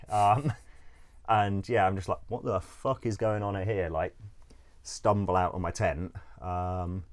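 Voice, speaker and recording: A man with a notably deep, low voice tells a story casually, as if chatting with a friend. He rambles, drops in plenty of fillers and swears freely. He laughs along at his own misadventures.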